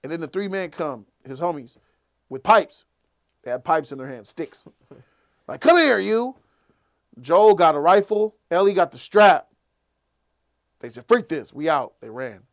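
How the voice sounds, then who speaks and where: A man hosting a casual live after-show, excitedly retelling an episode and acting out the characters' lines. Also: a little high, unhurried, pauses often. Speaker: show host.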